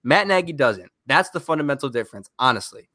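A man co-hosting a sports podcast, ranting in an animated, exasperated way and firing off rhetorical questions. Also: fairly high pitch, quick pace, no echo, clean studio sound. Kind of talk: heated sports talk.

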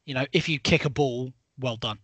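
A man on a podcast panel talks about coaching kids' football in a blunt, emphatic way and swears now and then. His voice is bright and forceful, and the recording is dry. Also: mid-range voice, normal speed, breathy edge, dry recording. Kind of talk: casual podcast chat.

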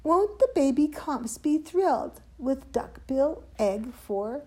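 A woman's voice: high voice, expressive, slow, mellow, pitched above the performer's own voice. A woman voicing a sly little female dinosaur who murmurs smugly to herself. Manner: smug, murmuring.

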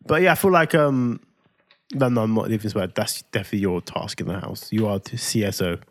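A man's voice: on the low side, fast talker, no echo. A man, co-hosting a podcast and telling a story in a teasing, playful way, laughing often. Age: 30s. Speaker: podcast co-host. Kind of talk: casual chat.

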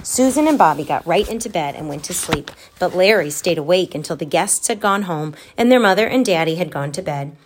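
A woman reading a children's storybook aloud, gentle and expressive, giving the children's lines their own voices. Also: fairly low pitch, fairly quick, few pauses, slight background noise.

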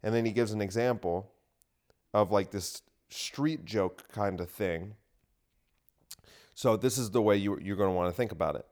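A man delivers a casual solo podcast monologue, ranting bluntly and swearing freely. His voice sits on the low side. He records alone in a home gym room. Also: normal speed, long pauses, darkish tone. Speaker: comedian podcast host.

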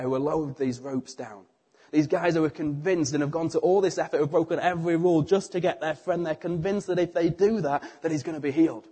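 A middle-aged British man preaching a sermon, telling the story with animated acted-out voices. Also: fairly high pitch, slightly rough.

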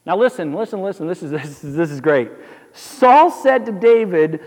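A man preaching a sermon, animated storytelling with jokes and asides that builds to emphatic exhortation. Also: sits high, normal speed, long reverb tail. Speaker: pastor.

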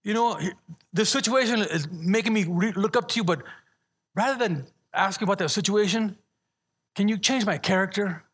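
A man's voice: high-pitched, normal speed, a bit bright, slightly rough. A man preaching a sermon in a conversational way, restarting words and asking the congregation to answer back. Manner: conversational preaching with repeated restarts and call-and-response. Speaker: pastor.

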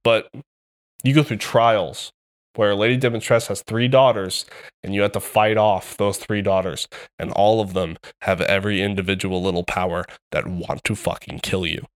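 A man co-hosting a casual podcast chat. He tells excitable stories that are full of swearing. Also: on the low side, normal speed. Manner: excitable, profane storytelling. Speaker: podcast co-host.

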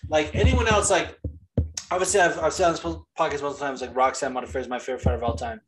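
Guy cohosting a podcast, kinda high voice, hyped and swearing a lot, laughs easy. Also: over music, low-quality recording. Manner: excitable, profane, quick to laugh. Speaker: podcast co-host. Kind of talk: casual chat.

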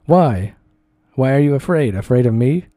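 A man voicing a pushy, mocking male street harasser in a read-aloud story, taunting and loud. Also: medium pitch, expressive, normal speed, no room sound, clean studio sound, voice pushed up, lightly acted.

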